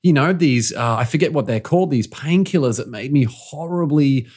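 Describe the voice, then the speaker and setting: A man's voice: fairly high pitch, moderate pace, a little mellow, slightly rough. A man, a podcast host, sharing a personal story in casual conversation, often trailing off and restarting his phrases.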